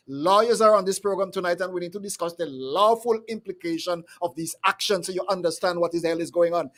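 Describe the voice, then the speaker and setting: Fiery high-voiced male host. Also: a bit bright. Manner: fiery, repetitive, stumbling restarts. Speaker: live show host. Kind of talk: impassioned call-in commentary.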